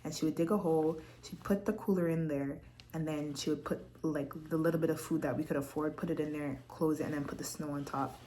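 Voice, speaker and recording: A young woman vlogger from Quebec, Canada, sits at her laptop at home and shares a personal testimony in a candid, heartfelt, chatty way. Her low voice is mellow and brisk with a steady tone, and there's slight background noise.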